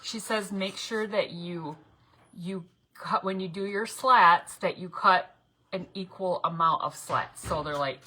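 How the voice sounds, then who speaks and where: A woman's voice: lowish voice, measured pace, sharp tone, slightly rough, rough recording. A woman hosting a casual crafting tutorial, chatty and rambling, often laughing and correcting herself as she works. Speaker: craft video host.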